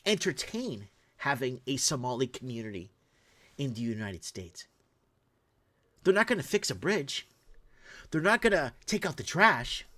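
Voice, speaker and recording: Man, middle-aged, podcast host, rambling, heated, fairly high voice, rhetorical questions. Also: fairly bright tone. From Portugal, raised in Toronto area. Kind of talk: casual live-stream commentary.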